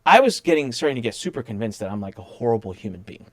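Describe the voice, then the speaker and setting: A man's voice: mid-range voice, fast talker, dry recording. A man telling a story in casual chat as a guest, acting out the people he quotes and often restarting his sentences. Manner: animated, acts out quoted people, many restarts.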